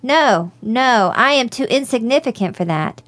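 A woman's voice: on the high side, expressive, measured pace, fairly bright tone, no room sound. A woman voicing a joyful, humble young male friar in a read-aloud story, exclaiming with delight. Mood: overjoyed. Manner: exclaiming, overjoyed.

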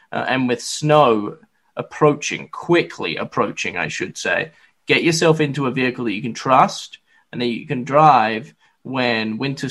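A man hosting a sports podcast, talking casually with lots of fillers and restarts. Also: medium pitch. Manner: lively, filler-heavy, chatty. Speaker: podcast host.

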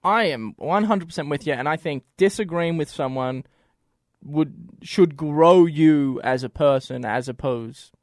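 A man's voice: a little high, a little slow, no echo, clean studio sound. A man from Australia with an Australian accent, co-hosting a podcast in earnest, casual chat, often restarting his sentences. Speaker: podcast co-host.

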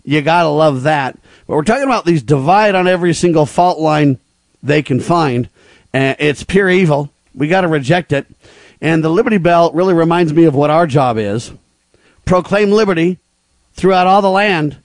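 A man hosting a talk radio show, delivering emphatic, preachy commentary in quick bursts. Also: on the high side, no room sound.

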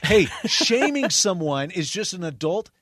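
Earnest pastor co-hosting radio talk. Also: male voice, sits high, sing-song, a little slow, fairly bright tone, no room sound, studio quality. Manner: earnest, repeats words when starting thoughts. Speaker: pastor and radio show co-host. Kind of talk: radio talk show chat.

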